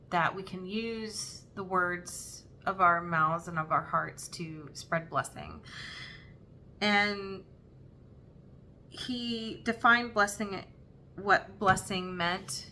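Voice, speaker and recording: A young woman hosting a stitching vlog, talking in an earnest, halting and emotional way. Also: on the low side, bright, forceful tone, a little hiss or hum. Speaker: Flosstube host. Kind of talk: heartfelt personal vlog talk.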